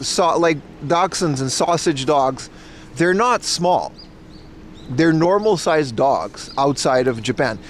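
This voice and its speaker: A man's voice: fairly high pitch, slight background noise. Laid-back man chatting on an outdoor stream. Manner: laid-back, rambling, swears freely. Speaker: livestreamer. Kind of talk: casual live-stream chat. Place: outdoors on a nature hike.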